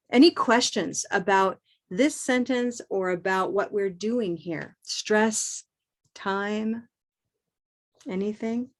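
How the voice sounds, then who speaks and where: An encouraging woman leads a live online pronunciation class at a medium pitch. She talks to her students through a computer mic and chants rhythms to model them. Her tone stays upbeat as she guides the practice. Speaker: pronunciation teacher.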